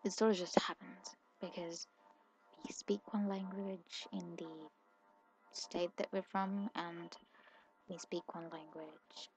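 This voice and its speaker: A sleepy woman from India with a mixed Indian, British and American accent, chatting softly in a rambling, quick, self-correcting way for a soft-spoken ASMR video. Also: fairly low pitch, fairly even intonation. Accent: mixed Indian, British and American English. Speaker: ASMR creator.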